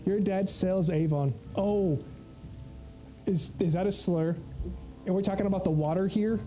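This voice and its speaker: Joking Southern streamer with a mellow voice. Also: male voice, high-pitched, moderate pace, faint music behind. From United States. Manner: joking, rambling, talks to chat. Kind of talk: casual gaming livestream chat.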